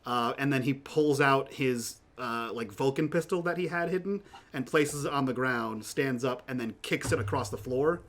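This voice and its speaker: A man plays a tabletop game and talks through his character's moves in a loose, casual way, often stumbling and restarting. His voice sits at an ordinary middle pitch. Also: normal speed, hardly any pauses. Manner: casual, hesitant, describes actions. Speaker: player.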